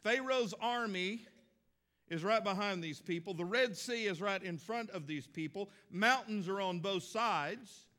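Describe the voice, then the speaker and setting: A man's voice: high-pitched, a little slow, bright, forceful tone. A middle-aged man preaching a sermon as a pastor, folksy and conversational with emphatic stresses.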